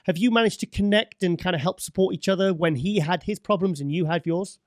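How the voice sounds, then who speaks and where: Male interviewer, high-ish voice, dry close sound, rambling friendly questions. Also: brisk, no echo. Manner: rambling, restarts questions, says "mate". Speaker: interview host. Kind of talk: casual interview.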